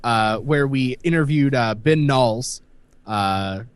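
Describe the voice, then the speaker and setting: A man's voice: mid-range voice, takes it slowly, smooth, dry recording. A man co-hosting a casual gaming podcast, rambling through the news with lots of fillers. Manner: animated, rambling with many fillers. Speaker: podcast co-host.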